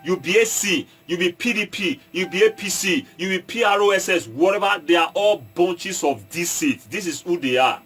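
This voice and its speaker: A man's voice: high voice, lively intonation, a bit bright, faint music behind. A Nigerian man with an Edo State accent, an entertainer addressing his viewers in a casual monologue, stopping and restarting often and slipping into Pidgin. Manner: halting, repeats and restarts, mixes in Pidgin, asks viewers if they follow. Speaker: online commentator and entertainer.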